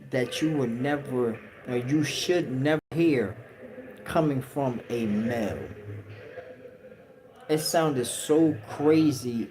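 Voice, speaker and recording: A man's voice: mid-range voice, darkish tone, poor audio. A man telling a story on a livestream in a casual, slang-heavy way. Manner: slang-heavy, acts out quotes. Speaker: livestream host.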